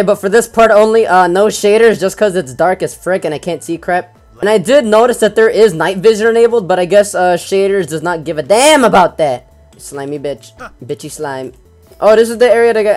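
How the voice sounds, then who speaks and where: A young man hosts a gaming channel, giving casual let's-play commentary in a voice that sits high. He gets excitable, swears often, and yells at the game.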